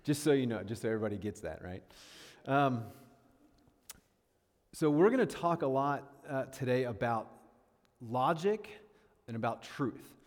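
A chatty man in his thirties gives a casual sermon-style talk, mid-pitched, often checking in with his listeners. His voice carries a long reverb from a large hall. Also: lively intonation, unhurried, long pauses. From northern New York State. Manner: chatty and self-deprecating, lots of fillers and checks. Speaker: guest speaker.

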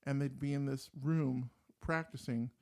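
A man with a gravelly, creaky edge co-hosts a relaxed music conversation. He tells stories with energy and slips into little impressions of riffs and voices. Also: mid-range voice, a little slow. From New Jersey. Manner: animated storyteller, mimics voices and guitar riffs. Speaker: podcast co-host. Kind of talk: casual chat about music.

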